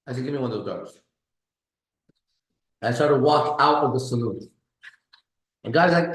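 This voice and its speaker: A man hosting a casual live stream, boastful and profane, with his voice swinging between low mutters and loud bursts. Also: animated, normal speed, pauses often, roomy sound, rough recording. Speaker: pickup coach host. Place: kitchen.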